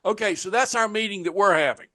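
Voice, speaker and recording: A man's voice: high voice, fast talker, no room sound. A man hosting a casual conversation, telling stories with animation and speaking straight to his listeners. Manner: animated storyteller, direct address to listeners.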